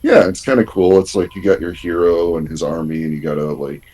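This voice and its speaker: A man's voice: low-pitched, fairly even intonation, a little fast, dark tone, breathy edge. A man chatting as a player in a tabletop game, thinking aloud. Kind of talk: casual chat at a game table.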